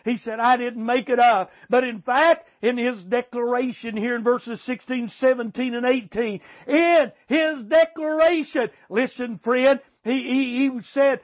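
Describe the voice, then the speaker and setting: Fervent high-voiced preacher, lo-fi. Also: male voice, a little slow, few pauses. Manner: fervent, emphatic, calls out to the congregation. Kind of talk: sermon. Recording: dull lo-fi recording.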